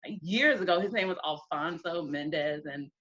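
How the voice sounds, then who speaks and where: A woman's voice: deep voice, moderate pace, fairly bright tone, muffled recording. A young woman from the United States, a guest in an interview, telling candid stories frankly, laughing often and acting out what people said. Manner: frank, laughs often, acts out quoted speech.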